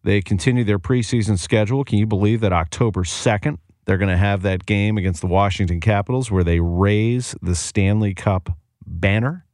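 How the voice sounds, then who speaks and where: A man hosting a sports radio show, running briskly and enthusiastically through scores, schedules and upcoming guests. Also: lowish voice, darkish tone, no room sound, studio quality. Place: radio studio. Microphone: studio microphone.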